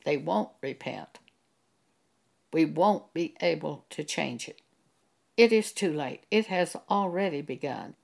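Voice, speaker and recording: Woman preacher, low-pitched and unhurried, earnest sermon delivery with scripture readings. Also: expressive, creaky, darkish tone. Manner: slow, earnest, reads scripture aloud in King James wording. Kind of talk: sermon monologue.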